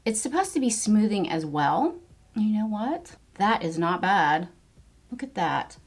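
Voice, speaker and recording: A woman's voice: mid-range voice, sing-song, a little slow. A middle-aged woman chatting through a makeup tutorial, enthusiastic as she reviews each product. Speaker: beauty vlogger.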